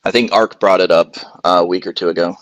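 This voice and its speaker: A man's voice: deep voice, fairly even intonation, fast, no echo, poor audio. A man chatting casually in a stock discussion group, easygoing and cautious. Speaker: regular in a stock chat.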